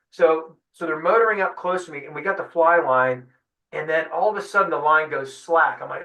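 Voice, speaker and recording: This fly-fishing guide, appearing as an interview guest, spins an animated fishing tale and voices each person in it. Bright, forceful, and on the high side, his voice moves fairly quickly; the mic sits at a distance in an echoey room, and the highs are cut off.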